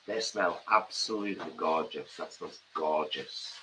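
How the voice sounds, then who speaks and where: A man's voice: deep voice, a little slow, pushed and bright, a little hiss or hum, poor audio. A man, chatting playfully while cooking in a home kitchen on a live stream. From England. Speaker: cooking show co-host.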